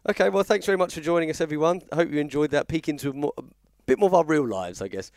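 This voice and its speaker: Quick-talking male co-host, chatty, dry close recording. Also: on the high side, darkish tone, no room sound. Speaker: podcast co-host. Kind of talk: casual chat.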